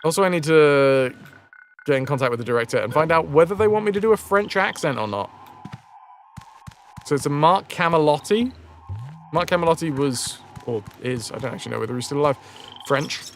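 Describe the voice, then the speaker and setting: Lively, swearing man streaming a game. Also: fairly high pitch, a little fast, long pauses, slight background noise. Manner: chatty, crude, self-mocking, swears freely. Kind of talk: casual live gameplay commentary.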